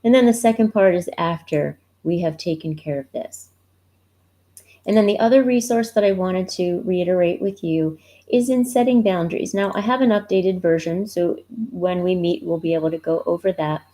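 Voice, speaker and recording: A woman coach speaking on a live stream, gently walking viewers through her resources and talking about grief in a reassuring way that asks them questions. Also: lowish voice, normal speed. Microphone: computer mic, browser livestream.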